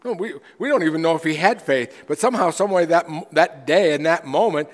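A man preaching a sermon as pastor, earnest, often repeating words as he restarts and swinging between loud and quiet. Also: fairly high pitch, brisk, in a large hall.

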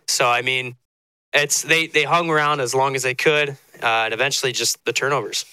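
A man breaking down a football game in a relaxed, chatty way. His voice is very bright and smooth, recorded dry and close. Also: mid-range voice, moderate pace, dry recording, low-quality recording. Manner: relaxed, conversational, many fillers. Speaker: color commentator. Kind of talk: post-game football analysis.

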